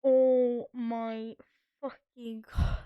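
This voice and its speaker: A woman streamer greeting her chat in a casual, excitable way, laughing and swearing often on a headset mic. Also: fairly high pitch, very slow, smooth, no room sound, muffled recording.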